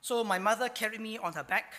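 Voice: mid-range voice, fairly quick, pushed and bright, in a large hall. A pastor with a Singaporean English accent preaching a sermon, emphatic, asking and answering rhetorical questions.

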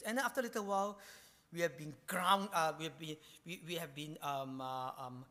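A male preacher, his voice high and pushed hard with a sharp, forceful edge. He delivers his sermon in bursts, sinking into hushed asides and repeating phrases while he searches for words. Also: a little fast, in a large hall. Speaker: pastor.

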